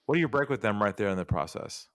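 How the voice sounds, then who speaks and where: A man's voice: lowish voice, quick pace, no room sound, studio quality. A man speaking as a podcast guest, telling stories and acting out bits of dialogue as he goes. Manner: animated storyteller acting out dialogue. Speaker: podcast guest, sales trainer. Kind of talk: storytelling interview talk.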